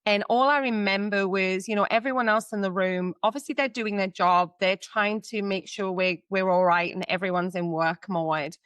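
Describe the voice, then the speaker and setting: A woman's voice: mid-range voice, fairly even intonation, moderate pace, hardly any pauses, a bit bright, smooth, no echo. A woman in her thirties, a podcast guest, telling a personal story in a candid, chatty way with lots of fillers. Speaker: guest, psychic medium and mentor.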